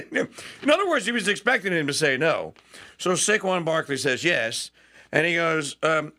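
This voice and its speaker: Man, talk radio host, high gravelly voice, swings up and down in pitch, laughs a lot. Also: expressive, moderate pace, bright, forceful tone. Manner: chatty, laughs often, mimics quotes animatedly. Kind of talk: casual talk radio commentary.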